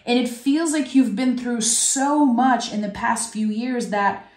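A woman's voice: on the high side, measured pace, a little mellow. A woman giving a tarot reading, effusive and close to tears, talking straight to the viewer. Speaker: tarot reader. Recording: echoey room.

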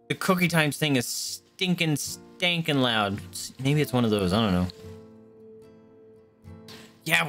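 A man casually commenting on a video game, reading in-game text messages aloud and reacting quickly with some swearing. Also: on the high side, expressive, bright, forceful tone, soft background music. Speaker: let's play gamer.

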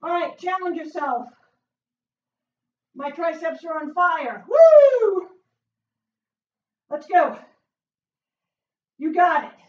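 Woman fitness coach, high and unhurried, out of breath, recorded from across an echoey room. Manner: upbeat, encouraging, frequent whoops. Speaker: fitness instructor. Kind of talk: workout coaching. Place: home workout room. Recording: echoey room, far from mic, dull sound.

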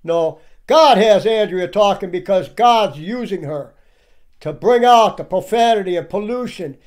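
A man's voice: high voice, expressive, unhurried, a little mellow. A man giving emphatic preaching commentary on clips, calling out to his listeners again and again. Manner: emphatic, keeps addressing the audience as "people". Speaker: religious commentator.

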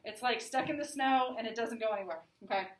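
The recording catches a woman lecturing from across an echoey room, her fairly high voice moving fast. She teaches conversationally, regularly asking "right?" and "okay?" to keep her listeners with her.

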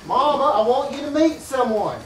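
An actor playing a patient, well-off son who explains things calmly. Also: male voice, very high voice, moderate pace. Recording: echoey room from a far camera with hiss.

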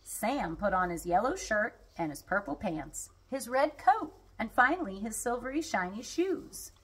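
A woman reading a children's storybook aloud in an expressive, unhurried way. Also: fairly high pitch, slightly rough.

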